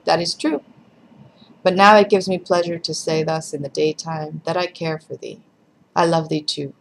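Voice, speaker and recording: A woman reading aloud, voicing a hot-tempered, jealous big older peasant woman in a blunt, forceful way. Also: deep voice, steady tone, moderate pace, creaky, rough recording. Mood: earnest.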